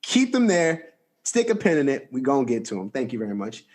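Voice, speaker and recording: A young man hosting a podcast, telling a story in a casual, animated, slangy way. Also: a little fast. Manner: animated, slangy storytelling with big pitch jumps. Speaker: podcast host.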